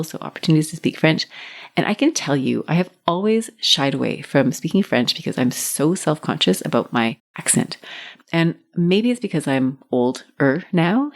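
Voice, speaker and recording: A middle-aged woman hosting her own podcast, giving warm, encouraging advice. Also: sits low, animated, normal speed, creaky. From Canada. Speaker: podcast host. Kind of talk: solo podcast talk.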